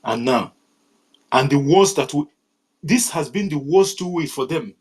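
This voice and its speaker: A man's voice: on the high side, lively intonation, a little slow, darkish tone, husky, poor audio. A man calling in to a live broadcast, speaking earnestly and in a rallying tone. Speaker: caller. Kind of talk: live call-in remarks.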